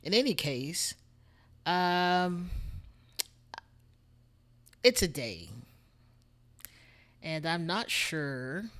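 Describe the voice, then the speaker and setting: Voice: medium pitch, a little slow, long pauses, bright, forceful tone. A Texan-accented streamer talking loosely into a desk microphone at home. The speech wanders from one thought to the next, with friendly greetings to viewers mixed in. It is an easygoing, chatty livestream delivery. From Texas. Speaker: music streamer. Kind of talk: casual livestream chat.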